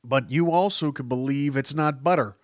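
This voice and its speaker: A man's voice: mid-range voice, moderate pace, dry recording. Guy hosting his podcast, rambly, swears a lot, voice jumps up when he gets worked up, dry sound. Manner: rambling, profane, jumping between tangents; animated, voice jumping up for emphasis. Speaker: podcast host. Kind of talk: casual rambling monologue.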